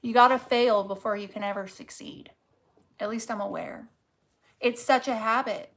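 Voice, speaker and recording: This tarot reader talks to the viewer bluntly and casually, cursing freely and hammering points through repetition. Her voice is a little high and a bit bright, with fairly even intonation at normal speed.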